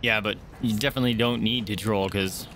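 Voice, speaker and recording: A man's voice: on the low side, steady tone, brisk, fairly bright tone, slight background noise. A man streaming a game live, talking through his fights with frequent swearing, greeting viewers and chatting to his dogs. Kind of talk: live gameplay commentary.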